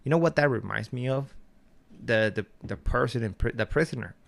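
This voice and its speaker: A man with a gravelly, fry-edged voice rants to his channel in a loose, profane way. He tells stories in street slang and laughs often. His pitch sits mid-range for a man. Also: fairly quick. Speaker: vlogger. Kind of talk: casual rant to camera.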